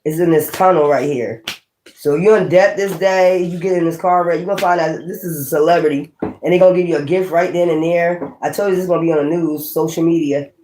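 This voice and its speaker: A woman's voice: lowish voice, steady tone, fairly quick, mellow, slight background noise. New woman doing a tarot reading, swears a lot, chatty, echoey room. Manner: blunt and chatty, with swearing and laughs. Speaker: tarot reader.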